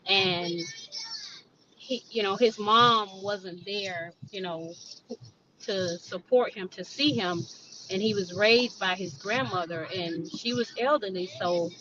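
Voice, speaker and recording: Woman, middle-aged, panel guest, slow, reflective, distant lo-fi mic, background noise. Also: mid-range voice. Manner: slow, reflective, many fillers.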